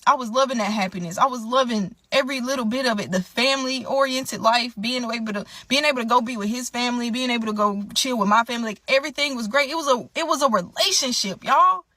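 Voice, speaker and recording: A young adult woman telling an emotional storytime monologue, animated and indignant, often turning to her listeners as y'all. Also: fairly high pitch, fast talker, hardly any pauses, no echo.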